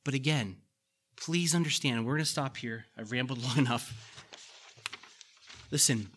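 A man's voice: medium pitch, measured pace, fairly bright tone, a little hiss or hum. A middle-aged man preaching a sermon in a conversational way, repeating key lines and making folksy asides to the congregation. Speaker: pastor.

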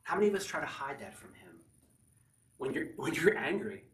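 A man's voice: fairly high pitch, very animated, brisk, far from the mic. Earnest male pastor preaching in an echoey room. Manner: earnest preaching, rising to near-shouts with spontaneous laughs. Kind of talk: sermon.

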